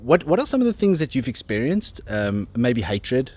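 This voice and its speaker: A man with a mid-pitched voice hosts a casual interview outdoors in a garden. He explains things and prompts his guest with questions. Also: very animated, normal speed, darkish tone. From South Africa. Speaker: podcast host.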